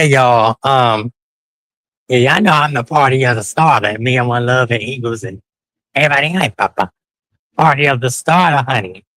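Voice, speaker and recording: Walking through the city at night, a man livestreams casually in a medium-pitched voice with a sharp tone, captured on a rough recording with no echo. He's flamboyant and foul-mouthed, addressing viewers as honey amid sing-song outbursts.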